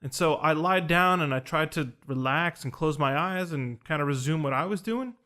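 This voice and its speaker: A man's voice: on the high side, normal speed, pushed and bright. A young man casually telling a personal story on a podcast, earnest and rambling, full of fillers and restarts. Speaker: podcast host recounting a ceremony.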